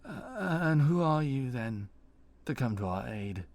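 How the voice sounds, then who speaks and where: A man's voice: medium pitch, very animated, a little slow, gravelly, a little mellow, voice pushed up. A man voicing an injured, panicked young male mercenary who stammers frantically.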